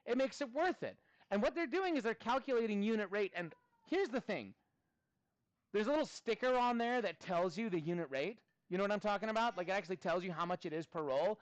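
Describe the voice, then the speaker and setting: A man in his thirties teaching a math class, chatting with students in a playful, animated way. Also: high-pitched, a little fast, dry recording. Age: 30s. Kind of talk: classroom lesson.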